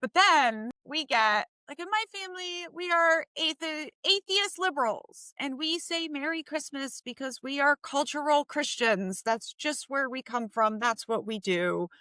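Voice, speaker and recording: A woman's voice: high voice, lively intonation, measured pace, few pauses, sharp tone, dry recording. A woman co-hosting a podcast in casual chat. She speaks in an earnest, thoughtful, agreeable way with filler-laden asides. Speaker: podcast co-host.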